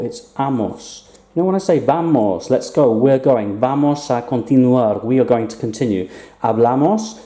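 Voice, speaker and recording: A man teaches a grammar lesson in a chatty, playful manner. His voice is very dark and mellow. The recording carries a noticeable room echo. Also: medium pitch. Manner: chatty, playful teacher, asks rhetorical questions. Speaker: Spanish teacher. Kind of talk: recorded online language lesson.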